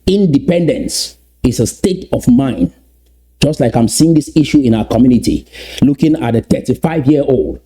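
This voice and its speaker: A man delivers a fervent address to his community, leaning on repetition and rhetorical questions. His voice is very dark and mellow, with a husky edge. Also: mid-range voice. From Southern Cameroons. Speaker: political speaker.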